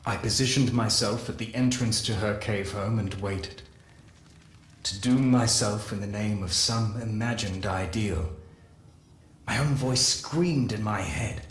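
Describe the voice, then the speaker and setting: A man giving a dramatic first-person lore reading, measured and solemn, with slow deliberate pauses. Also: lowish voice. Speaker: lore narrator. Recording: roomy echo with faint hiss.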